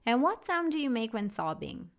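A woman's voice: fairly high pitch, big pitch swings, normal speed. Chatty woman teaching English vocabulary. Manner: chatty, candid, with frequent ums. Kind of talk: casual vocabulary lesson.

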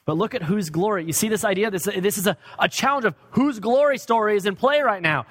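Male pastor, sermon delivery, emphatic with hushed drops, slightly high voice, long church reverb. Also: animated, fast talker, few pauses. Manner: swings from loud emphatic preaching to low quiet asides. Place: church sanctuary.

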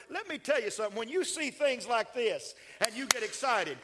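An older man, a pastor preaching a sermon, swinging from shouted, rising builds to soft, folksy storytelling. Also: extremely high pitch, animated, a little fast, hardly any pauses, crowd noise, noisy background.

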